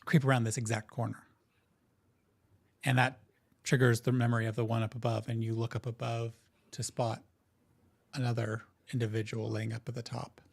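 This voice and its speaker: A man narrating as game master in a tabletop game, relaxed and easygoing, with frequent hesitant fillers. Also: medium pitch, normal speed, gravelly, pauses often.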